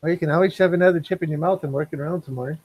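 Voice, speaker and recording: A man's voice: a little high, racing, husky, dry recording, dull audio. A man co-hosting a livestream, cheerfully reading viewer comments aloud. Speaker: co-host reading chat. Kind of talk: casual livestream chat.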